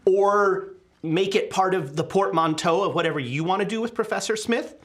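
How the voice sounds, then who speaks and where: A man acting as game master, chatting casually and haltingly while planning characters. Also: sits high, fairly bright tone. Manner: halting, with many fillers.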